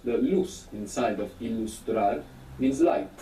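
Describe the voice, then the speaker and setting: A man leads a recorded language lesson, patiently posing prompts and confirming each answer. His voice is mellow and dark. He sits back from the mic in a roomy, echoing space. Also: lowish voice, unhurried, slight background noise. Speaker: language teacher on a recorded audio course. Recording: echoey, distant from the mic.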